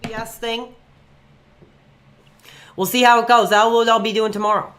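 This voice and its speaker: A man's voice: very high-pitched, level tone, a little slow, a bit bright. A young man streaming live and taking calls, rambling with fillers and flaring into angry rants at trolls. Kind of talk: live stream call-in chat.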